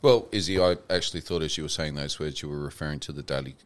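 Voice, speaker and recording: A man's voice: a bass voice, fast, crowd noise. A man hosting a podcast, joking and teasing in casual chat. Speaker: podcast host.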